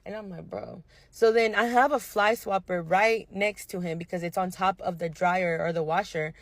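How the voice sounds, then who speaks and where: A young woman nail technician casually telling a storytime about a difficult client, animated and slangy. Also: medium pitch, moderate pace, dry recording. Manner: animated, slangy retelling with quoted dialogue.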